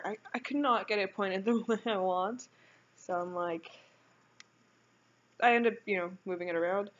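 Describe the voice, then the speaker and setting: A young woman talks through her game build in a loose, rambling way, with lots of restarts and little asides. Her voice sits at a middle pitch. The recording is slightly muffled and lo-fi. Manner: rambling, chatty, self-correcting. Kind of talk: casual voice-over commentary.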